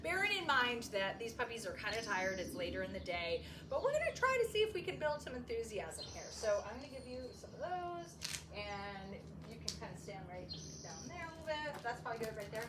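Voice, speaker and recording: A woman dog trainer talks through a training lesson in a chatty, upbeat way. Her voice sits high and swoops widely in pitch. A faint hiss of background noise sits under her voice. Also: a little fast. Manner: chatty and upbeat, switches to a high excited sing-song when calling the puppy. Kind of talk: casual training tutorial. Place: indoor training space with puppies.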